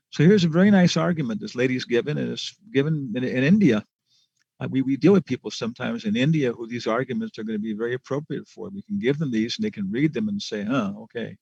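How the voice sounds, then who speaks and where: A man teaching a scripture class with a gravelly, creaky voice. He talks in a loose, chatty way, restarting phrases and chuckling. The recording is dull and lo-fi, with a dry, close sound. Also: mid-range voice, a little mellow, dry recording. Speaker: spiritual teacher.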